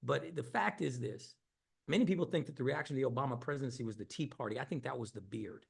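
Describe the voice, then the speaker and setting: Gravelly middle-aged man, impassioned speech. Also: medium pitch, quick pace. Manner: earnest, impassioned, repeats words. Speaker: Senate candidate. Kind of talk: campaign speech.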